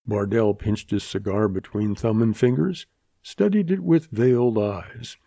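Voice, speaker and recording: A man narrating a Western novel as an audiobook, in a steady, measured storytelling manner. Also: lowish voice, vocal fry, dry recording.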